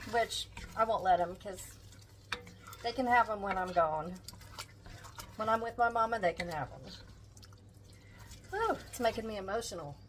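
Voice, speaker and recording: In her home kitchen, an older woman chats casually with her viewers while cooking, sounding tender and emotional. Her voice runs on the high side, and there's noise in the background.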